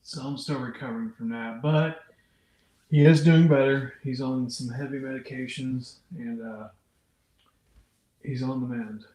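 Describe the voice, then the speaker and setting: A man's voice: medium pitch, steady tone, measured pace, long pauses, mellow, roomy sound, poor audio. A man hosting an unscripted livestream, chatting casually and reading out viewers' comments as he rambles. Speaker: livestream host. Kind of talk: unscripted live chat with viewers.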